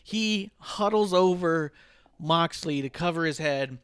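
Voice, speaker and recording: A man's voice: fairly high pitch, slow pace, fairly bright tone, clean tone, no echo. A man co-hosting a casual wrestling talk show, ranting with sarcasm and swearing freely. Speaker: podcast co-host.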